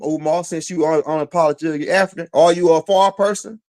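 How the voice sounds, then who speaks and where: His voice sits high and steady, a little fast and slightly mellow. He rattles off slangy, filler-laden commentary straight at his target, pressing them with one rhetorical question after another.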